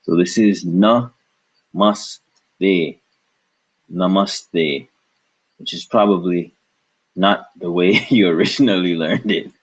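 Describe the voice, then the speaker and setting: A man's voice: low voice, unhurried, slightly rough. A man teaching a language lesson, patiently repeating each syllable several times. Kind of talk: slow spoken language lesson. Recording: dull lo-fi recording.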